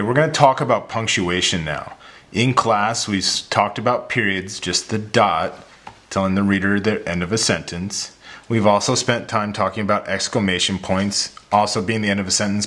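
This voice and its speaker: A teacher talking children through a reading and drawing lesson, patient and step by step, with playful demonstrations. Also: male voice, sits low, a bit bright.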